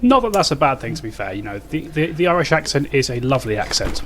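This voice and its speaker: A man's voice: mid-range voice, very animated, fast talker, crowd noise. A British man running a tabletop game, recapping the story with many ums and uhs and a wry tone. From Britain. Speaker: game master.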